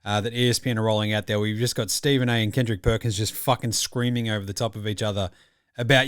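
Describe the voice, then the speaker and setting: A man's voice: mid-range voice, animated, quick pace, dry recording, clean studio sound. An Australian man hosting a casual sports reaction podcast, talking in a blunt, jokey, profane way. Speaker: podcast host.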